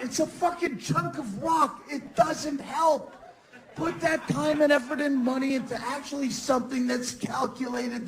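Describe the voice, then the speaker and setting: A man doing a stand-up comedy set, ranting sarcastically and often breaking into mock shouts. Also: very high-pitched, gravelly, poor audio. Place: comedy club stage. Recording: live club recording with audience laughter. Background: audience laughter.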